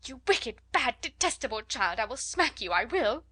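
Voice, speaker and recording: A woman's voice: a little high, big pitch swings, slow, a bit bright, heavily acted. A woman doing a frantic, flustered schoolmistress. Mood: scolding. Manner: frantic, swinging between coaxing and scolding. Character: flustered plump woman teacher, helpless and fussing.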